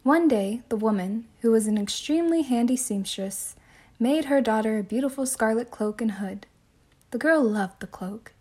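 A woman telling a classic fairy tale as a soothing bedtime story, with gentle, measured narration. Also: on the high side, expressive, breathy edge.

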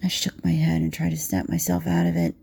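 A woman telling an intimate second-person romance story in a soft voice that slips into whispers. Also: low voice, sing-song, a little fast, gravelly, husky.

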